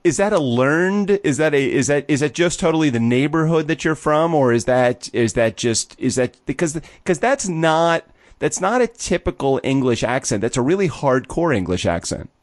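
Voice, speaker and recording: Brash joking American host. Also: male voice, fairly high pitch, lively intonation, normal speed, dry recording, clean studio sound. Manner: brash, joking, swears freely. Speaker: podcast host. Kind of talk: casual chat.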